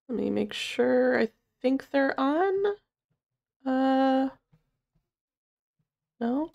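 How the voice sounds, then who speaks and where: A woman's voice: on the high side, creaky. A young woman talking through a game on a live stream from her home setup, close to a desk mic. She chats freely with her viewers, laughs easily and lets curses slip without a second thought. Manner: chatty, laughs easily, swears casually, talks to chat. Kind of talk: live-stream gameplay commentary. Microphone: desk microphone.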